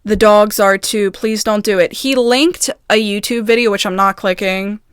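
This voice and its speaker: A woman vlogger in a casual video, reading messages aloud in quick bursts and breaking off in agitated, halting asides. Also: mid-range voice, steady tone, smooth, no echo, clean studio sound. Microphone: phone.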